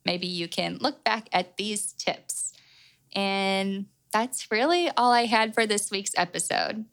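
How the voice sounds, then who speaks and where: Speaking slowly into her own mic, a young woman gives chatty, upbeat advice on her solo podcast, leaning heavily on "like." Her voice is medium-pitched, fairly bright, clear and resonant, despite the rough recording quality.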